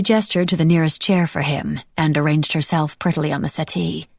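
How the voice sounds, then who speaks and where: A woman narrating an audiobook in a measured storytelling manner. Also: deep voice, fairly even intonation, a little mellow, no room sound, studio quality.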